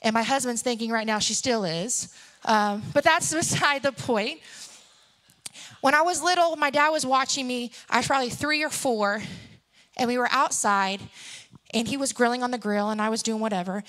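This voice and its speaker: A woman's voice: fairly high pitch, moderate pace, a bit bright. A woman in her thirties preaching a sermon, telling stories and acting out the characters. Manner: storytelling, acts out characters.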